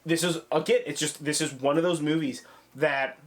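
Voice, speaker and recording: Excitable, cursing male film reviewer. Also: a little high, normal speed. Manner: excitable, swears often, acts out scenes in quoted voices. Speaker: podcast co-host reviewing films. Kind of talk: casual chat.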